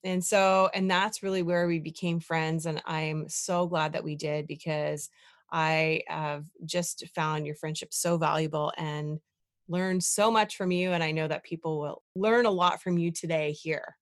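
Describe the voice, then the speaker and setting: A woman's voice: low voice, fairly even intonation, a little slow, no echo, clean studio sound. A woman hosting a podcast, an enthusiastic and affirming life coach interviewing a guest in a conversational way. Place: Toronto.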